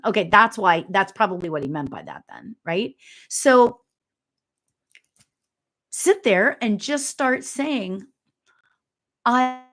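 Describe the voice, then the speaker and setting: A middle-aged woman giving a live spiritual reading, chatty and giggly, full of fillers and quick asides, sometimes dropping to a whisper. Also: mid-range voice, a bit bright. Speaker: spiritual medium. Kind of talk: live reading, casual chat.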